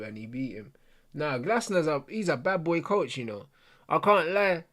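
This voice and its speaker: A man's voice: on the high side, animated, moderate pace, fairly bright tone. Heated young man, slang-heavy. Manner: heated, slang-heavy, swearing, addresses viewers and mates. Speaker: football watch-along host. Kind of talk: casual ranting chat.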